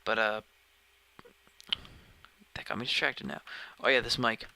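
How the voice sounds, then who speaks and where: A man's voice: lowish voice, steady tone, unhurried, vocal fry, bright, forceful tone, clear, resonant tone, low-quality recording. A man live-streaming a game, chatting casually and rambling, often sidetracked mid-sentence, recorded at home on a dedicated microphone. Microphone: dedicated desk microphone.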